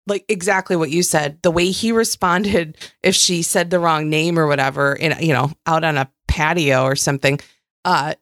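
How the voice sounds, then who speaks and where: A woman co-hosting a casual podcast, circling her points with hedges and restarts. Her voice is a little low. The recording is dry and close-miked. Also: fairly even intonation, normal speed, fairly bright tone, no echo. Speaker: podcast co-host. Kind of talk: casual chat.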